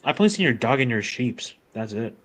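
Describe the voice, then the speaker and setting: A man's voice: mid-range voice, sing-song, fairly quick. A man who is a first-time guest on a livestream, talking hesitantly with stammers and restarts in a friendly way. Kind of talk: casual livestream chat.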